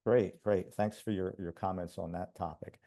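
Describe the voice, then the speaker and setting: A male podcast host with a low, mellow voice. He asks his questions in a measured, polite way and moves calmly from topic to topic. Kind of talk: interview questions.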